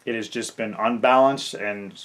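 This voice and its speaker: A man's voice: lowish voice, fairly even intonation, unhurried, fairly bright tone. A gaming content creator venting in an angry farewell rant, swearing and stumbling over his words.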